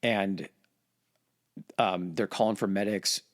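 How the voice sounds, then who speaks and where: A man's voice: sits low, fairly even intonation, slow pace. A man casually retelling war history on a podcast, swearing and acting out quotes in voices. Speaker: podcast host.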